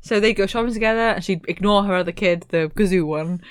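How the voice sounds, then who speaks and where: A woman's voice: mid-range voice, fast talker, smooth, no room sound, studio quality. A woman co-hosting a podcast, chatting casually and giggling as she tells history with asides. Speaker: podcast co-host. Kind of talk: casual chat.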